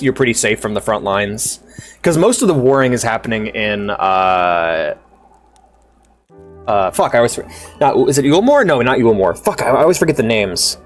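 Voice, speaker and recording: Rambling, swearing male streamer. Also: medium pitch. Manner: rambling, swears freely, laughs often. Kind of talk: casual stream chat.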